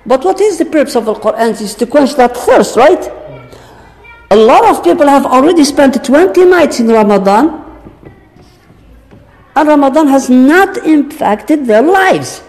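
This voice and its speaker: A man teaching a congregation in a religious lecture, stretching out key words slowly and posing rhetorical questions to his listeners. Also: very high voice, very animated, a little mellow, soft background music. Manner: slow, drawn-out emphasis with rhetorical questions. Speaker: Islamic teacher. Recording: long reverb of a large hall.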